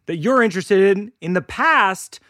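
A man's voice: high voice, expressive, moderate pace, pushed and bright, no echo, clean studio sound. A man hosting a podcast, speaking hesitantly with many fillers. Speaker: podcast host. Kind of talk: casual conversation.

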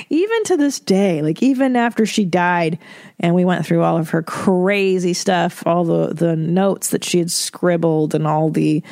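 A woman's voice: lowish voice, a little mellow, no room sound, clean studio sound. Candid, profane woman podcast host. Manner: candid, profane, laughs often. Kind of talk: casual chat.

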